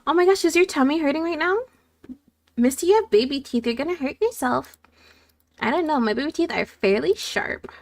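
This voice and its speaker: A woman's voice: high-pitched, animated, a little fast, darkish tone. A woman VTuber streamer chatting casually and reading her chat aloud in a bubbly, playful way.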